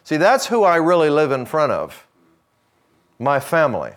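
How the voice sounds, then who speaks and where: A middle-aged man, preaching in a folksy, storytelling way and acting out dialogue, dropping to a hush for quoted lines. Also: on the high side, wildly swooping pitch, normal speed. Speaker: speaker addressing a men's gathering. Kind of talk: sermon with personal story.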